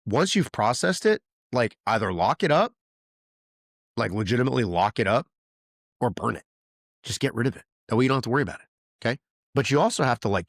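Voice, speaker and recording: A man's voice: lowish voice, no room sound, clean studio sound. A male podcast host giving casual, emphatic advice, repeating himself and checking in with frequent okays. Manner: emphatic and repetitive, with many okays and likes.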